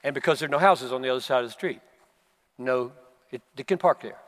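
A man in his seventies with an American accent, preaching a sermon at a conference and swinging from low, quiet stretches up to emphatic, passionate peaks. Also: fast, long reverb tail. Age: 70s. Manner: impassioned, surging to emphatic peaks then dropping low. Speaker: pastor. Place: conference hall.

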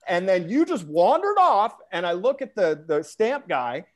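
A man's voice: sits high, measured pace. A man co-hosting a podcast, telling a profane comedic anecdote with lots of energy and acting out the other people. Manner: animated, acts out voices in anecdotes, profane. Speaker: podcast co-host. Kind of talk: casual comedic storytelling.

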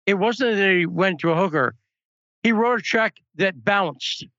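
A man's voice: high voice, a little slow, pushed and bright, dry recording. Male talk host, casual storytelling manner, dry close sound, lo-fi audio. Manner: chatty, storytelling asides.

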